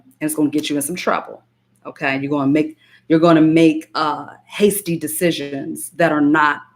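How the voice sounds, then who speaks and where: A woman with a low, deep voice talks straight to her live-stream viewers as a spiritual coach. She is emphatic and repeats phrases for weight. Now and then she breaks off to greet a viewer by name.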